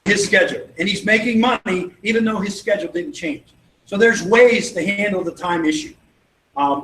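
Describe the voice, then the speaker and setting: A man's voice: high-pitched, fairly bright tone. A man giving a motivational sales training talk, telling stories and acting out both sides of the conversations with confidence. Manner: acts out dialogue in anecdotes, confident and persuasive. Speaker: network marketing trainer. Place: event venue. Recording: echoey room with faint noise.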